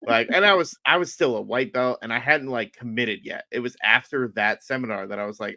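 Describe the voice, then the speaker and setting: A man hosting a casual podcast chat, telling lively stories and acting out the quotes. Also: medium pitch, fairly quick, hardly any pauses, dry recording. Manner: animated storyteller, acts out quotes. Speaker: podcast host.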